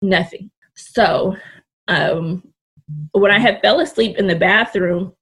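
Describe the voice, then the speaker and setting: A woman's voice: medium pitch, takes it slowly, vocal fry, fairly bright tone, slightly rough. A young woman in her twenties, a podcast guest, telling a story in casual, candid, blunt talk and swearing freely. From California Bay Area.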